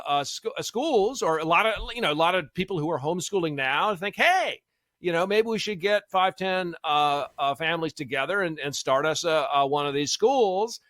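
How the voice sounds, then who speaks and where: A man's voice: fairly high pitch, bright, forceful tone, no echo. A man, a law professor guest in a casual radio interview, thinking aloud with many fillers and restarts. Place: radio studio.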